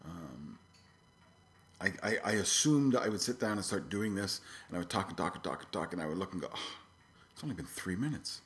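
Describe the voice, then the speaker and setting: A man's voice: low voice, lively intonation, a little fast, fairly bright tone. A middle-aged man hosting his own podcast, talking casually and rambling with many fillers and restarts. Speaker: podcast host. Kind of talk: casual solo podcast talk.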